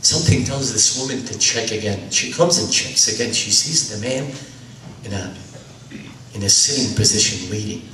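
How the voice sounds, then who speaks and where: A man's voice: lowish voice, moderate pace, pushed and bright, slight background noise. A man lecturing in a sermon, narrating a story dramatically and acting out the dialogue himself. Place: lecture hall. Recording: roomy, distant mic.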